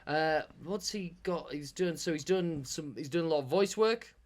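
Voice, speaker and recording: A man's voice: on the high side, normal speed. A man co-hosting a podcast, chatting casually, rambling with restarts and casual swearing. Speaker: podcast co-host. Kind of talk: casual chat.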